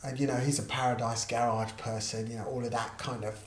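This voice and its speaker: Brisk and mid-range, a middle-aged man's voice carries a casual anecdote in an interview. A musician and artist manager, he tells it with animation, voicing the characters he quotes. The recording sounds roomy, with faint noise in the background.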